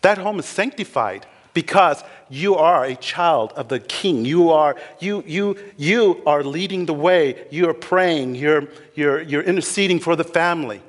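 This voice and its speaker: High pitched pastor guy preaching, swoops all over, echoey church hall. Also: unhurried, few pauses. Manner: animated preaching, voices biblical figures, laughs. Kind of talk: sermon.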